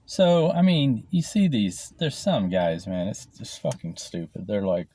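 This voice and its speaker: A man's voice: fairly low pitch, lively intonation, moderate pace, few pauses, warm tone, husky, dry recording. Rambling, swearing man chatting over lunch. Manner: rambling, profane, swears often. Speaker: vlogger. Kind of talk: casual chat while eating lunch. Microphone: camera mic, no clip-on mic.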